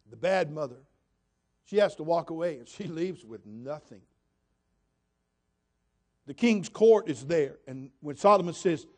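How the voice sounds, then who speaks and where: A man's voice: on the high side, a little mellow. A man preaching a sermon as pastor, emphatic and repetitive, putting direct questions to the congregation.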